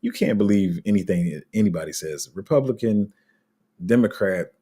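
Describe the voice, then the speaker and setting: A man's voice: lowish voice, lively intonation, moderate pace, mellow, slightly rough. A man hosting a crypto channel, talking casually to viewers in a loose, rambling way with many fillers and restarts. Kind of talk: casual unscripted commentary to viewers.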